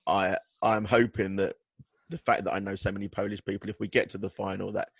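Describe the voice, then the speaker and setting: A man's voice: low-pitched, flat delivery, a little fast, gravelly, breathy edge, no echo, muffled recording. A middle-aged man hosting a casual football podcast, laid-back and joking, swearing freely. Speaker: podcast host. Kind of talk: casual chat.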